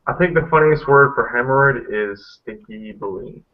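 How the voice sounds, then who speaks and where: The sound is tinny and phone-like, coming through a video call where a man hosts a casual group hangout. His medium-pitched voice moves at a normal speed as he rambles, talks bluntly and swears freely.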